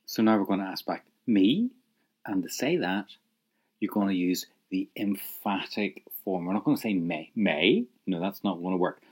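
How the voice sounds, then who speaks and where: A man's voice: deep voice, steady tone, moderate pace, darkish tone, breathy edge. A man teaching an audio language lesson, encouraging the listener and prompting them to repeat phrases.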